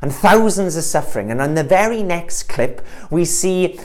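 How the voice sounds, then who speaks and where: A man preaching a sermon, earnest, swelling louder and slower on the key words. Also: on the high side, lively intonation.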